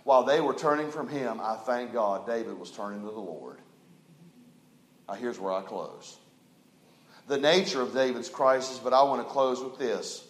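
A man preaching a sermon as pastor, telling stories folksily and swinging from loud emphasis to a hushed low voice. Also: moderate pace, roomy sound, poor audio.

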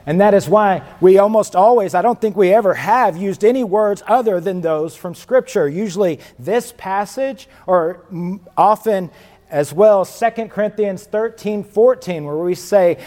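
A man preaching a sermon as a guest preacher, slow and emphatic, repeating key words for weight. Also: high voice, expressive, dark tone. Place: church sanctuary. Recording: long reverb of a church hall.

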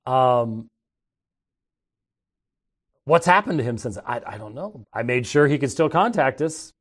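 A man's voice: medium pitch, expressive, unhurried. A middle-aged man hosting a talk show, telling rambling, conversational stories and often restarting his sentences. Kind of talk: casual anecdotal storytelling.

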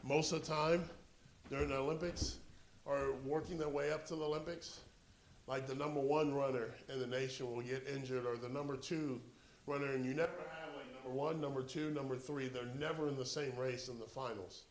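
A man preaching a sermon, telling a story and swinging from quiet narration to loud exhortation. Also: mid-range voice, fairly even intonation, brisk, echoey room.

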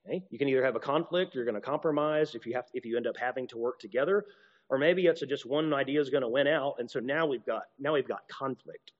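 A man's voice: mid-range voice, quick pace. Man teaching in an echoing hall. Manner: conversational, acts out little dialogues, many restarts. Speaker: preacher or teacher. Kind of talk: teaching talk to a group. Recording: dull, muffled sound with a long hall reverb.

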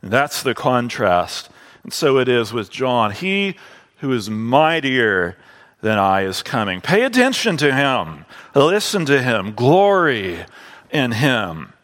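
A man preaching a sermon to his congregation, drawing out key phrases slowly and deliberately. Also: mid-range voice, very animated, fairly bright tone, in a large hall.

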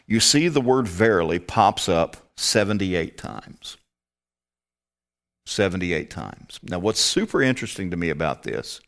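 Bible teacher, male, fairly low voice, emphatic, poses rhetorical questions to the room. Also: fairly bright tone.

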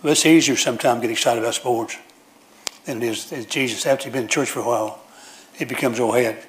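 Man preacher, homespun sermon delivery, repeats and restarts phrases, average pitch, church. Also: fast talker. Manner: folksy storytelling with frequent restarts and repetition.

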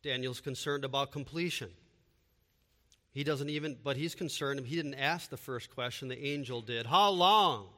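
A man's voice: mid-range voice, moderate pace, fairly bright tone, in a large hall. A man preaching a sermon with emphatic delivery and repeated rhetorical questions. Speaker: pastor.

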